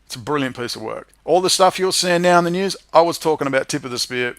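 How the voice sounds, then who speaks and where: A man hosting a livestream, ranting profanely to his viewers and swinging between muttering and shouting. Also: fairly high pitch, fast talker, hardly any pauses, no room sound. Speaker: livestream host.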